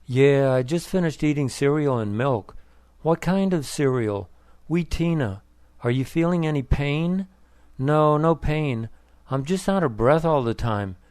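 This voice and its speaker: A man's voice: a little high, lively intonation, measured pace, a little mellow, clean tone, dry recording. A man reading the lines of a frail, breathless old father in a hospital bed, with short, weary answers.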